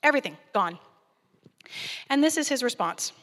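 A woman's voice: high-pitched, lively intonation, normal speed, a bit bright, big-room sound. A woman guest preacher giving a conversational sermon and acting out scripture dialogue.

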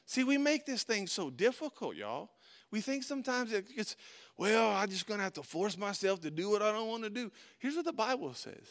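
A middle-aged man preaching a sermon, telling a personal story with lively swings from quiet to shouting. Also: high voice, fairly quick. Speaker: pastor.

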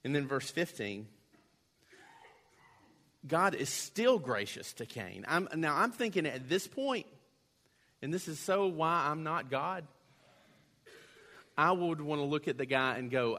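A man's voice: a little high, lively intonation, unhurried, long pauses, pushed and bright. A man preaching a sermon in a conversational way, acting out quoted voices now and then. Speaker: pastor.

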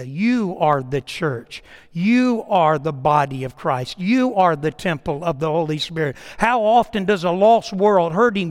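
A male pastor delivers a sermon in a notably high voice, full of rhetorical questions and repeated phrases. He swings from raised exhortation down to hushed, almost whispered lines. His voice rings through a church sanctuary with a long hall reverb. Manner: preaching with rhetorical questions and repetition.

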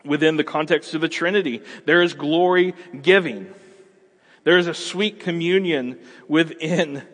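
A man in his thirties preaching a sermon as a pastor, conversational and animated, acting out everyday scenes. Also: a little high, measured pace, long reverb tail.

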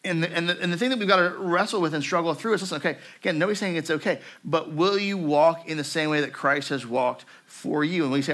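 A man pastor preaching a sermon in a conversational, animated way, with fillers and rising emphasis, dropping to a hushed voice for a story. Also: fast, few pauses. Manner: drops to a hushed, low voice when reading the story. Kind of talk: sermon with read-aloud story.

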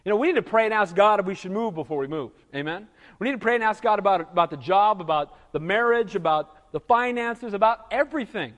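A man's voice: high-pitched, lively intonation, fast, fairly bright tone, long reverb tail. A male pastor preaching a sermon, emphatic, often asking the congregation "Amen?" and filling with "you know".

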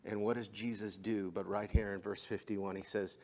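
A male pastor preaching a sermon, moving between quiet, measured passages and rising, impassioned climaxes. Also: fairly low pitch, level tone, slight background noise.

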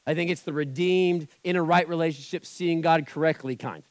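A man's voice: on the high side, a little fast, no echo. A man preaching a sermon as pastor, talking in a conversational style and acting out the voices he quotes.

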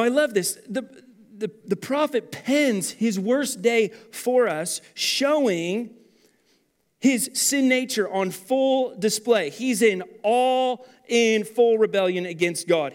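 A man in his thirties preaching a sermon as pastor, animated and then dropping to quiet intensity. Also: high voice.

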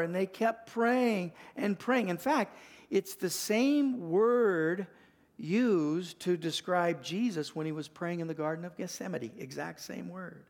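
An older man, a pastor, preaching a sermon with folksy stories, rising louder and higher to stress his points. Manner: animated, rising in pitch and volume to stress points; folksy storytelling with restarts.

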